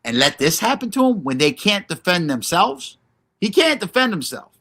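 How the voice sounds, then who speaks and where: A man's voice: high-pitched, sing-song, normal speed, a bit bright. A man hosting a livestream, ranting in a brash, profane, confrontational way and answering chat by name. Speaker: livestream host.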